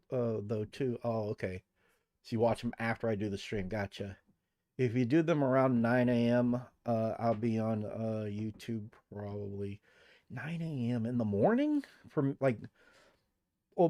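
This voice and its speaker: A man's voice: medium pitch, darkish tone, no room sound, studio quality. A young man from the United States live-streaming at home, chatting goofily with viewers while he works. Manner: goofy, chatty, talks to chat while working. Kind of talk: casual live-stream chat.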